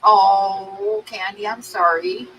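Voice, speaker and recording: A woman's voice: medium pitch, fairly even intonation, slow, fairly bright tone, a little hiss or hum, rough recording. A woman artist chatting casually on a livestream, telling stories and laughing often as she runs an art auction.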